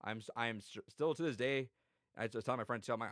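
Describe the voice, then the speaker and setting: A man's voice: mid-range voice, fast talker, a bit bright, no echo, studio quality. A man hosting a casual podcast chat, rambling and swearing with lots of restarts.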